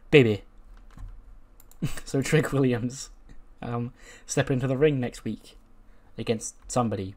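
A man's voice: medium pitch, a little mellow. Chatty man narrating a wrestling game. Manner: chatty, acts out characters' lines in quick voices and laughs. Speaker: gaming YouTuber. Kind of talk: casual commentary over a wrestling sim playthrough.

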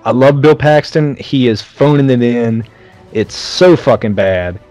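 A man's voice: medium pitch, unhurried, darkish tone, no echo, faint music behind. Blunt, sarcastic man on a dry mic. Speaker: podcast co-host. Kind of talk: casual movie-review chat.

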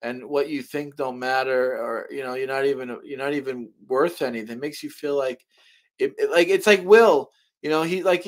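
A middle-aged man hosting a live stream in heated casual chat, rambling with many restarts and swearing when angry. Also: on the high side. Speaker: show host. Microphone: webcam mic on a live stream.

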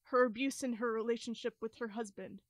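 A woman's voice: fairly high pitch, steady tone, brisk, no echo, lightly acted. A woman actor playing a taunting woman's voice that accuses a silenced nymph, in an experimental theater monologue. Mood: accusing. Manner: accusing, rising to intense repetition. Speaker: stage actor.

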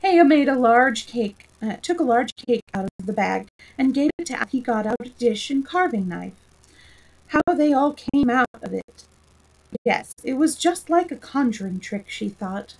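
A woman storyteller reads a classic children's book aloud. Her voice sits a little high, and she reads in a lively, expressive way. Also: normal speed, creaky, slightly rough, rough recording.

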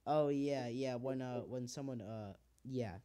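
A man's voice: mid-range voice, measured pace, mellow. A teenage man hosting a podcast, talking in casual, heartfelt rambles full of fillers and swearing. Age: teens. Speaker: podcast host. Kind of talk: casual chat.

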